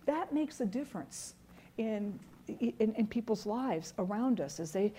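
A woman's voice: fairly high pitch, expressive, unhurried, warm tone, slight background noise. A middle-aged woman giving an earnest church teaching talk, telling stories and repeating key words for emphasis. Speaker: Bible teacher.

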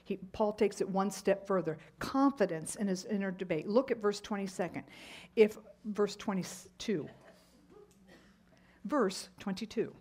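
A woman's voice: mid-range voice, unhurried, a little mellow. Woman teaching a Bible study. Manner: conversational, storytelling with fillers and asides. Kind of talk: Bible lesson with personal story.

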